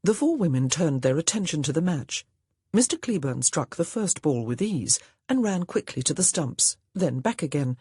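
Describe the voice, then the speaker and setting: A woman narrating a historical romance audiobook, expressive and voicing each character. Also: low voice, moderate pace, slightly rough, dry recording, studio quality. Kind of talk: scripted narration.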